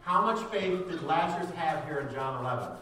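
A fervent male pastor preaching with a bright, forceful tone. His voice rings through a very echoey sanctuary, picked up from some distance away. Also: on the high side, animated, fairly quick, slight background noise. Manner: fervent, rising to raised voice at climaxes. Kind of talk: sermon. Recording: echoey room heard from a distance.

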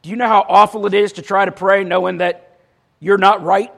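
A man's voice: sits high, steady tone, brisk, gravelly, a bit bright. A male preacher giving an emphatic sermon, telling a story and making dry jokes.

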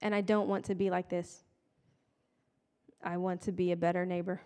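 A woman's voice: lowish voice, little pitch movement, normal speed, warm tone. A woman giving a casual, conversational sermon with playful, self-deprecating asides. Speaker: preacher. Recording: long hall reverb.

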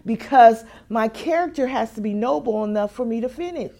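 A woman preaching a sermon, musing quietly at times and building to emphatic, repeated phrases at others. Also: on the high side, expressive, moderate pace, gravelly.

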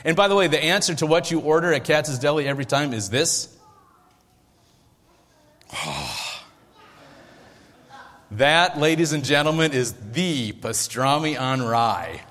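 A man preaching a sermon as pastor, in a lively, conversational way with jokes and asides. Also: fairly high pitch, normal speed, few pauses. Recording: echoey hall with long reverb.

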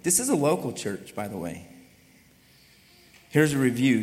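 A man's voice: medium pitch, sing-song, unhurried, long pauses, in a large hall. A male pastor preaching a sermon in a conversational way, often asking his listeners rhetorical questions.

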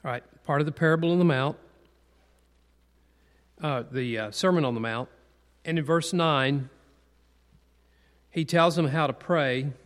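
A man teaches a Bible class in a conversational, sermon-like style, asking the group questions and repeating key points for emphasis. His voice is fairly high and unhurried, with long pauses, set in a long hall reverb.

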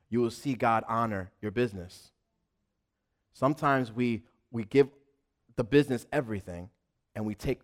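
With frequent restarts, a medium-pitched man preaches to his congregation as pastor. His delivery is lively, and he puts on small character voices to illustrate his examples.

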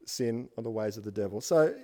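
A man's voice: medium pitch, animated, a little fast, warm tone, in a large hall. A man preaching a sermon as pastor, building emphatic lists and asking the congregation questions.

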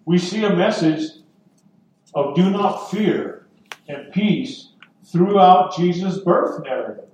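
A man preaching a sermon as pastor, earnest and deliberate, with dramatic pauses. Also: high voice, darkish tone. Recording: echoey room from far off.

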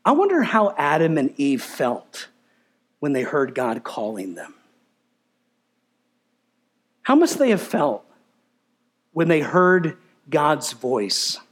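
A man's voice: fairly high pitch, wildly swooping pitch, slow pace, pauses often, slightly rough. A man preaching a sermon, asking the congregation questions and driving his points with emphasis. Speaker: pastor.

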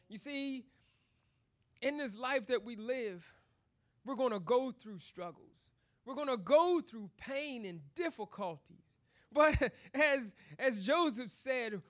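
A man's voice: extremely high pitch, expressive, slow pace, a bit bright. A man preaching a sermon, telling a personal testimony in a chatty way full of "you know" and "you see", then building into emphatic preaching. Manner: testimony told conversationally, rising into emphatic preaching.

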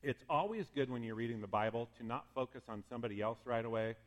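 A male pastor giving a sermon in a lively, conversational way, with asides and fired-up moments. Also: medium pitch, fast. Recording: long reverb in a hall.

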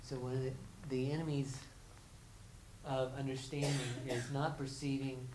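A woman's voice: very deep voice, level tone, moderate pace, mellow, slight background noise, rough recording. A woman preaching a conversational sermon. She restarts and repeats words, and she acts out the everyday voices of her listeners.

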